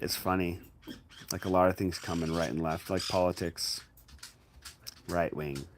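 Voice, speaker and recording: A man with a fairly low voice talking casually about spiritual matters. He speaks in a reflective, conversational way and addresses the listener directly. Now and then he jumps into sudden, loud, acted-out inner voices. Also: fairly even intonation, unhurried, a little hiss or hum. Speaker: spiritual teacher.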